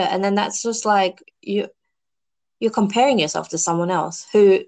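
A woman's voice: medium pitch, normal speed, a little mellow. A woman chatting casually as a podcast guest, eating snacks while she talks. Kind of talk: casual chat.

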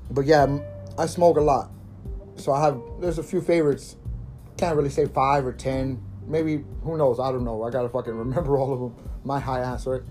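A man's voice: medium pitch, steady tone, moderate pace, mellow. A man in his thirties rambling in a casual, profanity-heavy monologue as a podcast host, laughing and coughing from smoking. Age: 30s. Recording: faint guitar music behind.

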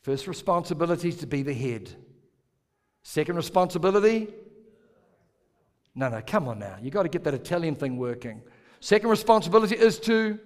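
Male pastor, sermon delivery, playful with the crowd, slightly higher voice, long hall reverb. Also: very animated, fairly quick, pauses often, a little mellow. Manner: playful, jokes with congregation, asks them to repeat words.

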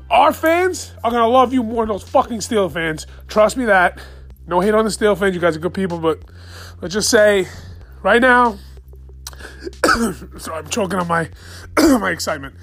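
Excited, profane man ranting late at night. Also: high-pitched. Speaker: podcast host. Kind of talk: solo fan podcast rant.

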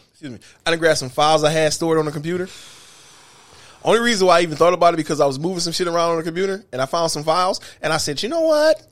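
A man's voice: fairly high pitch, rapid-fire. A middle-aged man co-hosting a podcast, telling stories in casual chat, profane and full of filler. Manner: animated, profane storytelling with lots of filler. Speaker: podcast co-host.

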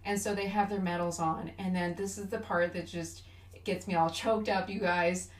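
A woman's voice: lowish voice, fairly even intonation, normal speed. A woman co-hosting a casual movie chat, gushing and getting emotional as she recaps scenes. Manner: emotional, gushing, voice rises when moved. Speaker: podcast co-host. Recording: echoey room, mic at a distance.

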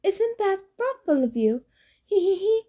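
A woman voicing a nervous male satyr pretending to be a bride, stammering in a squeaky falsetto. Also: very animated, unhurried, warm tone, full character voice.

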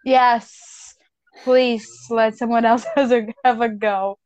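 Slow-talking woman ranting casually. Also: on the high side, steady tone, a little mellow, clear, resonant tone, no room sound. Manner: rambling, frank and profane, self-styled hater. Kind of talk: casual chat about motor racing.

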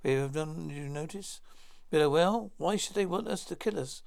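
A man's voice: a little high, normal speed, gravelly, darkish tone. A man reading a science-fiction script aloud, naming each speaker before their line. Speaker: narrator reading all parts. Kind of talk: plain read-through of a script.

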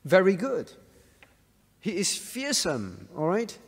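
A man's voice: high voice, huge pitch swings, takes it slowly, slightly rough, big-room sound. A male pastor leading an interactive Bible study, asking questions, calling on listeners by name and repeating key words.

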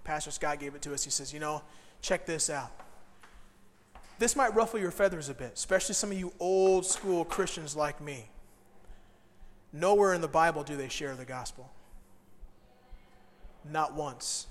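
High-voiced man preaching in a reverberant hall. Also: moderate pace, pauses often, slight background noise. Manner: animated storytelling with acted-out quotes. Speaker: pastor. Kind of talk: sermon.

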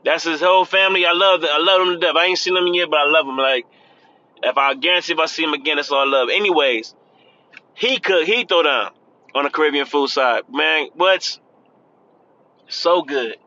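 A man's voice: fairly high pitch, moderate pace, bright, forceful tone, muffled recording. A man giving casual, earnest pep talk while driving, repeating himself and calling the listener "man". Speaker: podcast host. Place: in a car, driving.

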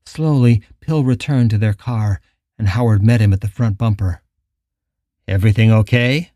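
A man narrating an audiobook in an even, measured way. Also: lowish voice, no echo, studio quality.

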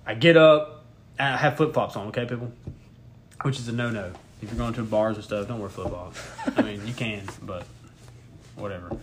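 A man's voice: on the low side, moderate pace, pauses often, noisy background. A young man co-hosting a podcast, telling a rambling, profane story in casual chat and laughing as he goes. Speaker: podcast co-host.

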